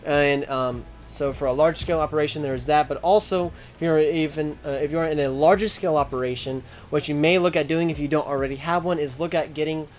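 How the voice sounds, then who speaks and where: Young male host, slightly high voice, relaxed teaching chat, faint background music. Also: fairly quick, hardly any pauses. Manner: explains steadily, restarts and fillers, plain talk. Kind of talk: casual instructional chat.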